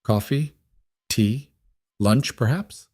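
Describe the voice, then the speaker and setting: A man voicing a smooth, charming male villain in his forties. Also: mid-range voice, takes it slowly, dry recording, clean studio sound. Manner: warm, polished.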